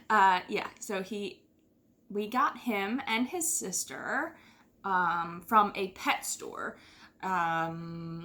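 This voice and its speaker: Woman, middle-aged, from the United States, podcast host, casual rambling chat, bright voice. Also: medium pitch. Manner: rambling, chatty, with fillers and sighs.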